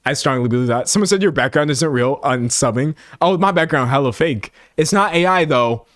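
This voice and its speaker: A man's voice: medium pitch, lively intonation, fairly quick, a bit bright, dry recording, clean studio sound. A young man from Texas chatting casually as a streamer, reading out viewer comments and acting them out with mock-dramatic voices. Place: home room with a set backdrop.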